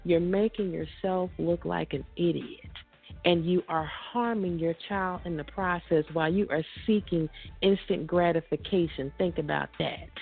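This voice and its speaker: A woman's voice: fairly low pitch, moderate pace, vocal fry, husky. A woman co-hosting a radio talk show, preaching emphatically and repeating her points. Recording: tinny phone-like radio audio with faint music.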